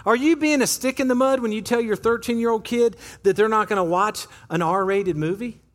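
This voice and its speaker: A man preaching a sermon as pastor in a church, conversational and animated, acting out little quotes as he goes. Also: high-pitched, moderate pace. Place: church sanctuary.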